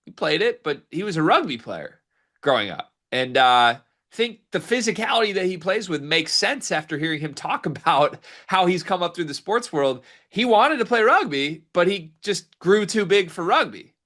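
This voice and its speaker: A man's voice: high voice, sing-song, normal speed, fairly bright tone. A man hosting a casual sports podcast, teasing his co-host dryly and then recapping an interview.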